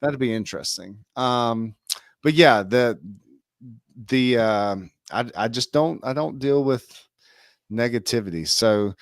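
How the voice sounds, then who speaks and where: A man's voice: medium pitch, no room sound. Chatty man co-hosting, dry sound. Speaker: webinar co-host. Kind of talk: casual webinar talk.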